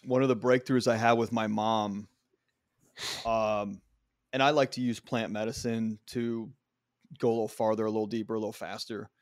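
A man's voice: on the low side, little pitch movement, moderate pace, no room sound, studio quality. Candid, swearing middle-aged man. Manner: candid, profane storytelling. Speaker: podcast host. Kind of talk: casual conversation.

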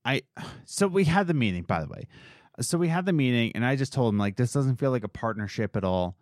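Young male podcast co-host, expressive storyteller, lively pitch, dry studio sound. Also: fairly quick, dry recording. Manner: animated storytelling, mimics others in quotes. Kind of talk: casual chat.

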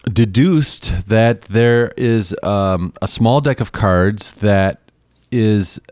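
A man's voice: fairly low pitch, very slow, darkish tone, no echo, studio quality. A middle-aged man co-hosting a podcast in casual chat, playful and mock-boastful, stretching out words for emphasis. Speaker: podcast co-host.

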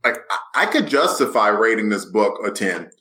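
A man's voice: lowish voice, sing-song, normal speed, sharp tone. A man hosting a casual comic-book podcast chat, laid-back and joking with his co-hosts. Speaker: podcast host.

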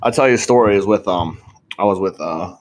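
A man's voice: deep voice, brisk. A man co-hosting a podcast in casual chat, rambling and swearing, often laughing as he tells stories. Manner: rambling, profane, laughs a lot. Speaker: podcast co-host.

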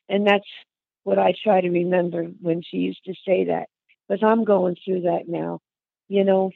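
Older woman with a gravelly voice on a tinny phone line. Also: lowish voice, level tone, normal speed, no room sound. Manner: chatty, calls the listener hon and honey. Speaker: interviewee. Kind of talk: reminiscing conversation.

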